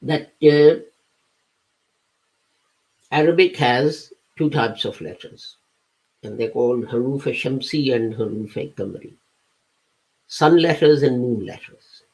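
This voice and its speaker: The man's voice sits in the mid-range, slightly mellow, moving slowly with long pauses over a poor recording. As a religious lecturer, he lays out scripture patiently in steps, using everyday examples, with occasional hesitations and self-corrections.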